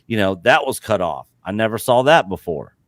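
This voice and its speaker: A man's voice: fairly low pitch, big pitch swings, normal speed, fairly bright tone, no echo. A man co-hosting a casual live stream, rambling through recollections full of fillers and restarts. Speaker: co-host.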